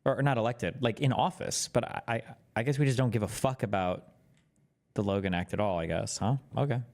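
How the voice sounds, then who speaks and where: A man's voice: medium pitch, fairly quick, a little mellow. A man giving sarcastic commentary over a political clip, laughing and swearing in mocking asides. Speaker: streamer reacting to a press clip.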